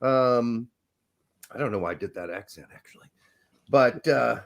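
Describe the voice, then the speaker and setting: A man's voice: lowish voice, lively intonation, brisk, gravelly. A young man hosting a podcast, rambling energetically and joking with frequent laughs. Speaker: podcast host. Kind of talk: casual chat.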